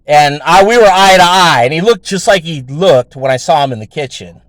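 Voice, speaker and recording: A man's voice: a little high, moderate pace, dry recording. A man hosting his own show, telling a story in a rambling, casual way with heavy swearing and lots of fillers. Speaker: show host.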